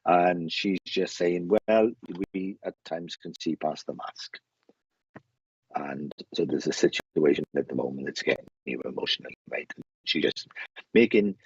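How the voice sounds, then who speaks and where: Male medium, low husky voice, dry dull stream sound; chatty, halting delivery. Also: dry recording. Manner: chatty, laughing, stumbling restarts, relays spirit messages. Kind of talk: live mediumship reading.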